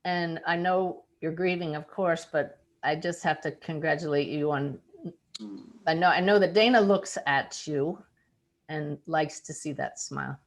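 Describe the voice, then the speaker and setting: A woman working as a psychic medium, telling a story in an animated, lively way to a group of listeners. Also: a little slow. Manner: animated, lively storyteller with big pitch jumps. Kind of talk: storytelling talk.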